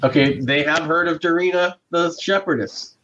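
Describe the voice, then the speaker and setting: A man acting as game master for a tabletop game, talking in a relaxed, chatty way and laughing often. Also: on the high side, moderate pace, highs cut off, background noise.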